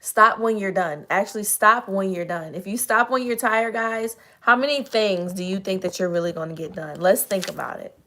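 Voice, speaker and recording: A woman hosting a casual motivational livestream, chatty and earnest, slightly hoarse, greeting viewers by name as she talks. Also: mid-range voice, normal speed, hardly any pauses, pushed and bright. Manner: earnest, encouraging, addresses audience as y'all. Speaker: livestream host.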